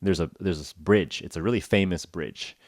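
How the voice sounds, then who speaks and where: A man's voice: deep voice, moderate pace, dry recording, studio quality. A man hosting a casual English-learning podcast, talking in a rambling, jokey way full of "like" and "uh". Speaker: podcast host.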